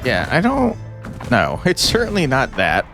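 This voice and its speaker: A man doing let's-play commentary on a martial arts game, barking quick moves and mock-insulting his own character. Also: mid-range voice, wildly swooping pitch. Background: game music.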